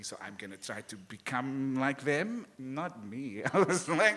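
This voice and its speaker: Lively South African man with a slight lisp. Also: medium pitch, slow. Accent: Cape Flats South African. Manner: animated, laughs often, acts out voices. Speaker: author guest. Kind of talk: festival panel conversation. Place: live event stage.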